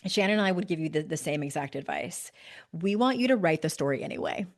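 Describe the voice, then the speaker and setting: Fifty-something lady hosting her podcast, deep-ish voice, gets animated and laughy, talks fast in bursts. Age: 50s. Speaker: podcast host. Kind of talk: casual conversational interview.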